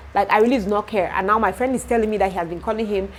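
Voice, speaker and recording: Young Nigerian woman vlogger, animated and exasperated rant, mid-pitched voice, faint background noise. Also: fast, hardly any pauses, low-quality recording. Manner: animated, exasperated, with bursts of loud outrage. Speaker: vlogger and shop owner. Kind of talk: casual storytelling rant.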